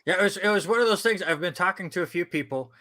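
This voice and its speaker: A man's voice: high voice, fast, bright, forceful tone. A middle-aged man hosting a casual sports talk show, chatty and joking at his own expense. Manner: joking, self-deprecating, chatty.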